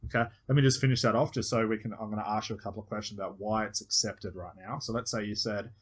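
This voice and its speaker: An Australian man coaches a student one on one, his voice low and a little husky. He explains patiently step by step and acts out short example phrases as he goes. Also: fairly even intonation, fast talker. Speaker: hypnosis coach.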